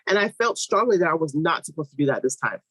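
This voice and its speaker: A woman's voice: no room sound, rough recording. A woman, a midwife, telling her own birth story in a podcast conversation, acting out what people said with big jumps in voice and running her sentences together. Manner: animated, acts out quoted voices with big pitch jumps; fast, run-on telling with restarts. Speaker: guest, midwife.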